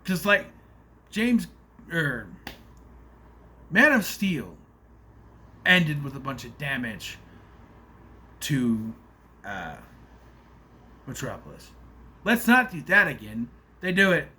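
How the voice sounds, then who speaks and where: A man's voice: fairly high pitch, big pitch swings, slow pace, pauses often, sharp tone. A man giving a casual, rambling spoiler review of a movie, nitpicking in an exasperated way with plenty of fillers.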